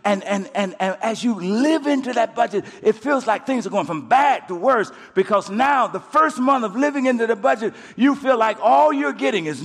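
A male pastor with a high voice preaches from the pulpit, climbing to shouts and then dropping to a hush. His words ring out with a long echo in a large hall. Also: animated, moderate pace, hardly any pauses. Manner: preaching with rising shouts and quiet drops, repeats words. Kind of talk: sermon. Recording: live sermon with long hall reverb.

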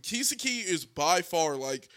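A man in a casual anime debate, animated and laughing, acting out characters' lines as he argues. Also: sits high, unhurried.

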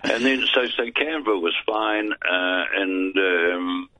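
A man's voice: low-pitched, slow pace, bright, forceful tone, dry recording. An older Australian man with no teeth, rambling through self-deprecating stories as a guest on a phone line. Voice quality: gummy speech from having no teeth. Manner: rambling, self-deprecating storyteller with dry jokes. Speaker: guest, veteran broadcaster and voice artist. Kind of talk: casual anecdotal interview chat. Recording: tinny dry phone line.

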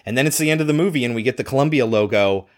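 A man co-hosting a podcast, casually recapping a movie plot in an animated way, swearing now and then. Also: medium pitch, rapid-fire. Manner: animated storytelling, swears, acts out lines. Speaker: podcast co-host.

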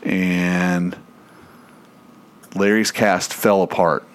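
A man's voice: low voice, extremely slow, clean tone. A man telling a story in casual chat, swearing freely and laughing as he goes. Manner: profane, animated, laughs through his own story.

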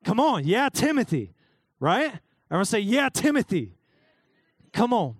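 A man's voice: high voice, big pitch swings, normal speed, slightly rough, no echo, clean studio sound. A young adult man preaching a casual, joking youth sermon, calling out listeners by name. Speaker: youth pastor.

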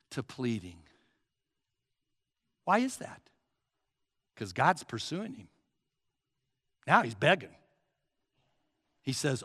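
A man's voice: sits high, a bit bright, big-room sound. A man preaching a sermon as pastor, emphatic and urging his listeners to write points down.

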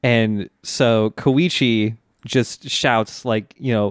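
A man's voice: medium pitch, fairly even intonation, drawn-out words, smooth, no room sound, studio quality. A man co-hosting a casual podcast, retelling plot in a laid-back, laughing way full of fillers. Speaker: podcast co-host. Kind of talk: casual recap chat.

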